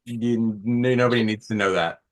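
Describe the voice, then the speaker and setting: A man's voice: on the low side, steady tone, fairly quick. Hesitant man guesting on a podcast. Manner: hesitant, fumbling for names. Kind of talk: casual podcast chat.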